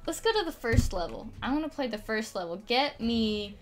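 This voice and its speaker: A woman livestreaming gameplay, reacting excitedly and swinging from low mutters to loud shrieks. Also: moderate pace, soft background music. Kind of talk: gameplay commentary.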